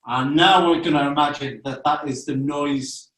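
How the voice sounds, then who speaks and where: An English man leads families through silly warm-ups, playful and encouraging, giving step-by-step instructions. He sits away from the mic in an echoey room, heard over a video call. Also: on the high side, steady tone, moderate pace, distant mic. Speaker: children's theater performer leading a warm-up. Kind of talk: guiding an interactive family webinar.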